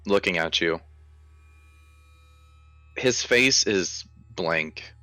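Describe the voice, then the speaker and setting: A man narrating a horror tabletop game as game master, with slow, deliberate, vivid description. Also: low-pitched, animated, bright, forceful tone, dry recording.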